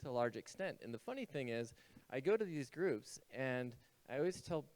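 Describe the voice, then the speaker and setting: A man's voice: medium pitch, very animated, moderate pace, a little mellow, no room sound. A man speaking as a panelist, telling his own story in a candid, reflective way.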